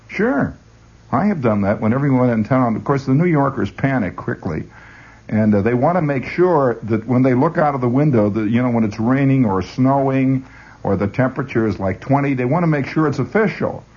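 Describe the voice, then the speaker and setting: A man's voice: medium pitch, animated, fairly quick, darkish tone, breathy edge. A man hosting a rambling radio monologue, full of stammered restarts and chuckling asides. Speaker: radio host. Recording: dull lo-fi radio recording.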